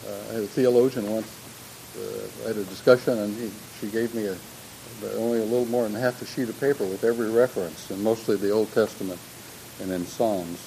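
A man's voice: on the low side, steady tone, brisk, creaky, dark tone, a little hiss or hum, poor audio. Older man giving a reflective talk. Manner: thoughtful, with frequent restarts and asides. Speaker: speaker on humor and religion. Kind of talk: reflective lecture-style talk.

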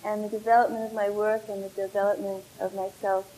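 A woman's voice: medium pitch, level tone, brisk, dark tone, a little hiss or hum, low-quality recording. A woman in her forties, an artist, opening a public talk with a friendly, plain self-introduction. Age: 40s.

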